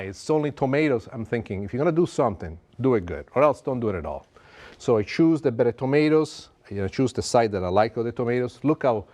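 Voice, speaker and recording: A middle-aged man with an Italian accent hosting a cooking demonstration in a TV kitchen, talking in a playful, theatrical, self-mocking way. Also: mid-range voice. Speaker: TV chef host. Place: TV kitchen set. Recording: music playing under the voice.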